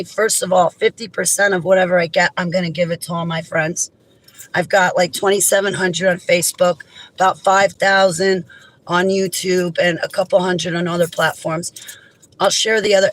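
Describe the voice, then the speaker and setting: A woman's voice: lowish voice, steady tone, brisk, low-quality recording. Impassioned woman venting to camera. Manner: impassioned, indignant, emphatic. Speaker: vlogger. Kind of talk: direct-to-camera monologue.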